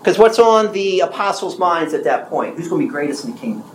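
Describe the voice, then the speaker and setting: A man in his sixties preaching a sermon with emphasis, asking the audience questions and repeating key phrases slowly. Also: sits high, lively intonation, reverberant, slight background noise, rough recording. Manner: asks the audience questions and answers them.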